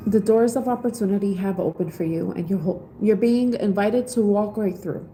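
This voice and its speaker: Mellow woman giving a live tarot reading. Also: mid-range voice, normal speed, slight background noise, rough recording. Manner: casual, heartfelt, spiritual encouragement; reads aloud from an oracle book, then explains in her own words. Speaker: tarot reader.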